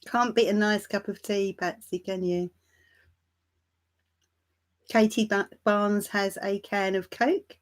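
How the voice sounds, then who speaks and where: A woman hosting a tarot live stream, chatting warmly and calling viewers darling and my love. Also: mid-range voice, fairly even intonation, slow pace, long pauses. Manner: laughs lightly between remarks. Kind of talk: casual livestream chat greeting viewers.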